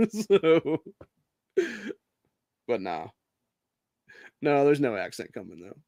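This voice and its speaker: A man's voice: on the low side, lively intonation, measured pace, a little mellow, no echo, studio quality. A man from Ohio hosting a podcast, ranting with constant swearing and rambling asides full of dude and bro. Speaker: podcast host. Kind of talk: profane rant and casual monologue.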